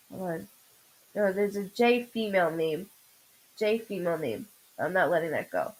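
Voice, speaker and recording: A woman hosting a live-streamed psychic reading. She speaks haltingly, often saying "hold on," breaking off and restarting as she relays impressions. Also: on the low side, lively intonation, rough recording. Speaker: psychic medium host.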